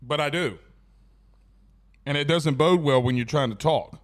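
A man's voice: a little high, a little slow. Chatty man hosting a sports stream. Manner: loose, chatty, reads viewer comments aloud. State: hiccups. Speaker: sports show host. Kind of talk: casual live-stream sports talk.

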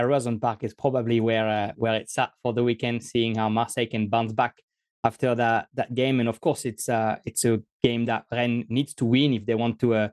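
A man, a podcast guest, talking football in a relaxed, slightly hesitant way. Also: medium pitch, no room sound, clean studio sound. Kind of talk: casual chat.

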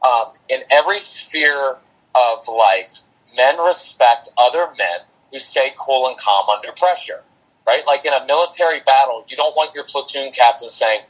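Guesting on a laid-back podcast, this parenting coach is plain-spoken and practical, often reaching for analogies and showing a dry, sarcastic streak. He talks at normal speed in a medium-pitched, slightly bright voice, captured in low quality.

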